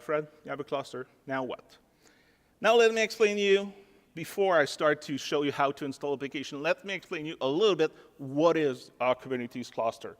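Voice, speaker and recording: A man's voice: fairly high pitch, a bit bright, in a large hall. A man with a French accent giving a casual technical talk at a conference, explaining things with many fillers. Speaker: conference speaker. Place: large conference ballroom.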